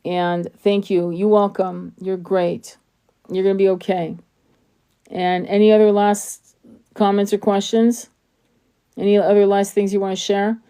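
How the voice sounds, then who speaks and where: A woman's voice: medium pitch, level tone, measured pace, dark tone, clear, resonant tone. Woman, live stream host, casual, blunt, swears, sore tired throat, frequent restarts. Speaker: tarot reader hosting a live stream. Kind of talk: casual livestream chat.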